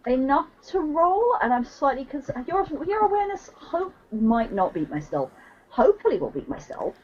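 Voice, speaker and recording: A woman's voice: high-pitched, sing-song, moderate pace, a little mellow. A woman player at a tabletop game, talking enthusiastically and exclaiming often. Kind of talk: casual chat at a game table. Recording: dull lo-fi.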